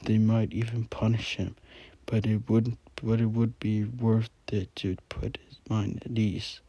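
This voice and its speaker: A man reading a scary story aloud in a quiet whisper, adding asides and correcting himself. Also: on the low side, slightly rough, no echo. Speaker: channel host reading a story.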